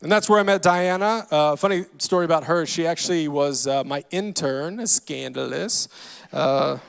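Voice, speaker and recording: A man in his forties from Louisiana, a guest comedian telling self-deprecating stories from a church stage with dry punchlines and quick asides. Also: fairly high pitch, clear, resonant tone. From Louisiana, USA. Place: large church auditorium. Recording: long hall reverb.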